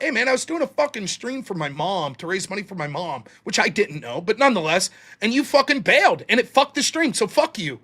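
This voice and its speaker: A man's voice: high voice, big pitch swings, fairly quick, hardly any pauses, bright, forceful tone. A man hosting a livestream, ranting casually with profanity and mocking impressions of others. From United States. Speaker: host. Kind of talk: casual livestream debate chat.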